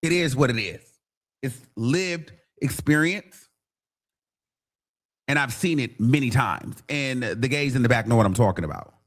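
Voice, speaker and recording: A man's voice: measured pace, long pauses. A man hosting a livestream, talking bluntly and animatedly to his viewers in casual commentary, sometimes mimicking others. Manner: blunt and animated, mimics people in higher voices. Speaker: livestream host.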